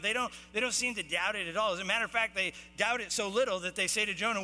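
Bright-voiced pastor preaching in a hall. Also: male voice, high-pitched, fast, few pauses. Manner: animated, acts out the sailors' shouting; casual slang mixed with scripture reading. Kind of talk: sermon. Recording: long hall reverb, faint music and mains hum.

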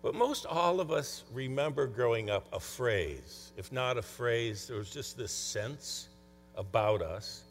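A man's voice: medium pitch, lively intonation, measured pace, soft background music. A man speaking as a conference speaker and coach, telling stories in a conversational motivational talk. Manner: conversational storytelling. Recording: long hall reverb, faint mains hum.

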